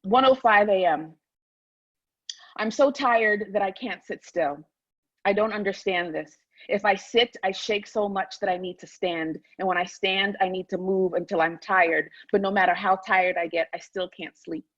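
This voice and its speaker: A woman author talking candidly, then reading from her memoir in a measured, deliberate way. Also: medium pitch, fairly bright tone, no echo, muffled recording. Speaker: author and guest.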